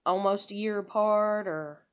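A woman's voice: mid-range voice, a little slow. A woman telling personal stories in a casual vlog. She rambles frankly and swears freely, with many fillers and restarts. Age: adult with a child. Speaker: vlogger.

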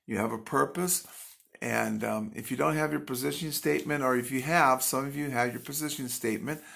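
A man's voice: medium pitch, steady tone, fairly quick, vocal fry, a bit bright. A man giving an earnest, faith-based motivational talk, emphatic and repeating phrases for punch. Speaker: motivational speaker.

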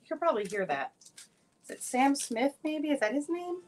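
Woman, live-sale host, slightly high voice, chatty, upbeat, talks to viewers by name. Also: sing-song, moderate pace, soft background music. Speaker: live-stream jewelry seller. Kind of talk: casual live-sale chat.

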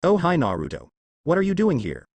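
A man's voice: fairly high pitch, huge pitch swings, a little fast, darkish tone, no echo, pitched above the performer's own voice, heavily acted. A man voicing a lazy teenage boy ninja who mutters in a bored way. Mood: grumbling.

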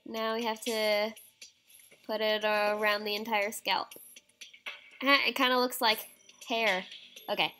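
A woman's voice: medium pitch, flat delivery, a little slow, long pauses, bright, forceful tone, soft background music, poor audio. A young woman playing a surgery game, chatting casually, reading prompts aloud and reacting with squeamish exclamations. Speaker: game streamer. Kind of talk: casual let's-play commentary.

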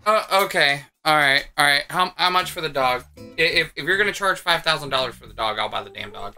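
A man's voice: a little high, fairly quick, bright, forceful tone. A man hosting a reaction video with sarcastic, crude, joking commentary. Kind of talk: casual commentary. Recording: faint music underneath.

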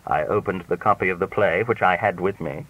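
A man narrating an audiobook with a crisp, dry comic delivery, in a dry, slightly dull recording. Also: deep voice, brisk, recorded from a distance. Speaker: audiobook reader.

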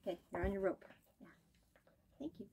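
A woman dog trainer giving calm, patient instruction while working with a puppy, coaxing and praising it. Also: mid-range voice, brisk, slightly rough. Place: indoor training room.

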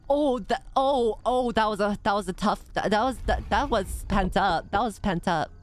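Woman streamer, mid-pitched, jumpy and profane, reverb on her voice. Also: normal speed, soft background music. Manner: jumpy, gasping, swearing, chatty with chat. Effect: reverb filter. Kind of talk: live gameplay commentary.

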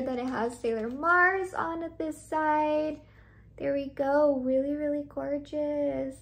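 High-voiced gushing young woman vlogger. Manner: gushing, effusive, repeats praise words. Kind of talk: casual unboxing vlog.

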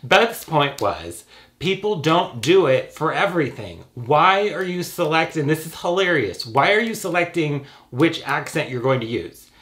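A young man with a cold, talking straight to camera in a sarcastic, profane, animated rant. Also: a little high, unhurried. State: has a cold. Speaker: YouTuber. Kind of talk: ranting casual vlog.

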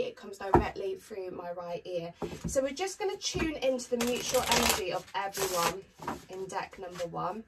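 Chatty higher-voiced woman reading tarot. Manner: chatty, upbeat, with frequent ums. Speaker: tarot reader. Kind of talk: casual tarot reading to camera. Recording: distant mic with faint noise.

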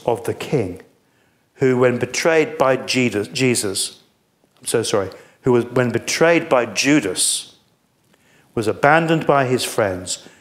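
A man preaching a sermon, explaining a scripture text in an earnest manner and putting questions to his listeners. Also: mid-range voice.

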